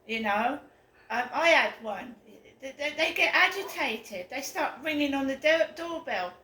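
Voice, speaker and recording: Rambling, indignant woman, bright tone. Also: sits high, lively intonation, measured pace. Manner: rambling, indignant, gets worked up. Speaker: vlogger. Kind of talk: casual storytelling to camera. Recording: roomy echo, faint room noise.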